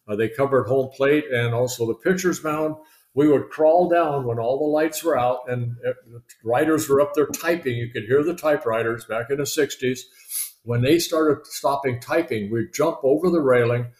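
An older man, a retired pitcher, telling chatty, rambling stories in a podcast interview, full of fillers and restarts. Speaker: guest, retired baseball pitcher. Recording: roomy echo.

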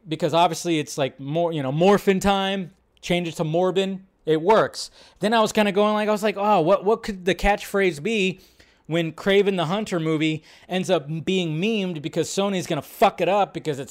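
A man with a somewhat high voice hosts a casual live stream into a desk mic. He rambles, curses freely and laughs often as he reacts to chat. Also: normal speed.

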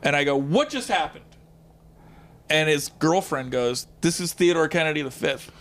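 A man's voice: a little high, a little fast. Chatty man telling a story. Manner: animated, acts out quotes with lots of fillers. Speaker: guest comedian. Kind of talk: casual storytelling.

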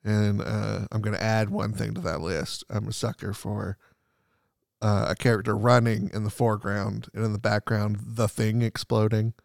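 A man co-hosting a podcast, chatting excitedly about a movie, full of "like" and acting out scenes. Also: fairly low pitch, moderate pace, gravelly, no room sound, studio quality. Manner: excitable, filler-heavy, acts out scenes. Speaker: podcast co-host. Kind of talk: casual movie chat.

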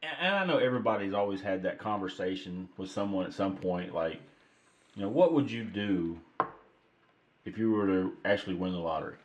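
A man's voice: low-pitched, animated, a little fast. A man co-hosting a casual podcast chat, joking and rambling, swearing casually. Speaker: podcast co-host. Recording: dull lo-fi sound.

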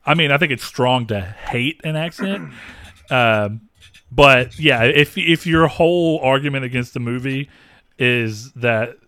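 A man's voice: medium pitch, unhurried, sharp tone, no room sound, clean studio sound. A young man from the American South co-hosting a podcast, chatting casually and rambling with many fillers and frequent laughs. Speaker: podcast co-host. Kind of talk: casual chat.

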